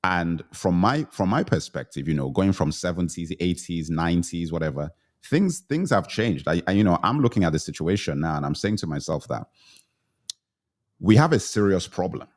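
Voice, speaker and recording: Deep-voiced middle-aged man hosting a livestream. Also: big pitch swings, normal speed. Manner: earnest, emphatic, repeats phrases for weight. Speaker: livestream host. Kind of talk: livestream panel discussion.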